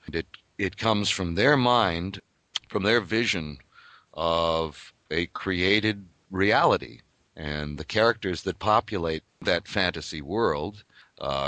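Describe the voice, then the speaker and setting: A man's voice: deep voice, pushed and bright, no echo. An older man, a voice actor, talking thoughtfully and explaining his craft in an interview. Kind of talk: reflective interview talk.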